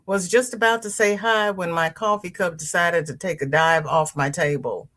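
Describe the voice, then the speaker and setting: A woman's voice: normal speed, fairly bright tone. A woman hosting a crochet livestream, chatting casually, greeting viewers by name and reading their comments aloud. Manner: leisurely, chatty, with pitch jumps on greetings.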